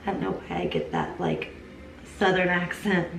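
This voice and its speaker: A young beauty vlogger casually reviews makeup for her channel, chatty and enthusiastic, speaking directly to viewers and calling them "you guys." Her voice is fairly low, sing-song, and creaky at a normal pace. She's recorded from a distance in an echoey room, a little off-mic, with faint hiss.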